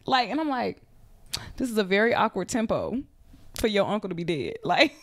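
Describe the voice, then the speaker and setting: A woman's voice: mid-range voice, moderate pace, no room sound. A young woman chatting on a podcast. Her voice swings up and down a lot as she tells the story and plays each person in it. The sound is close and dry. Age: young adult. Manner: animated, acts out quoted voices, laughs often. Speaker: podcast host. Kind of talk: casual storytelling chat. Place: Atlanta.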